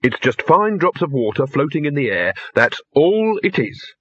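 A man voicing a nervous young man who tries to sound calm. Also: on the high side, normal speed, slightly rough, dry recording, voice pushed up. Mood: panicky. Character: jittery young man in fog. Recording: dull lo-fi.

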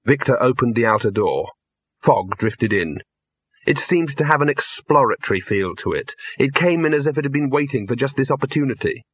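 A man narrating an audiobook in a measured, dry storytelling manner. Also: mid-range voice, expressive, a bit bright, slightly rough, dry recording. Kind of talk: scripted narration. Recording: dull lo-fi.

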